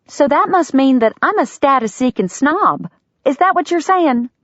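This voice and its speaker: A woman's voice: medium pitch, expressive, no room sound, pitched above the performer's own voice, lightly acted. A woman voicing a spirited, indignant young woman. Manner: indignant and quick-witted. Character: spirited young woman, protective of her friend. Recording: dull, dry lo-fi sound.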